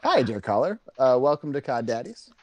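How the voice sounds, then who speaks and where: A man's voice: mid-range voice, very animated, a little fast, no room sound. A man hosting a casual comedy podcast, easygoing and often laughing. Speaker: podcast host.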